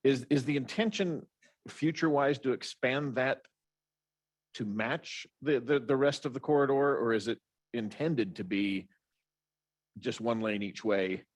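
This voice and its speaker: A man chairing a council meeting, asking questions in a halting way and repeating words as he thinks. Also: medium pitch, no room sound.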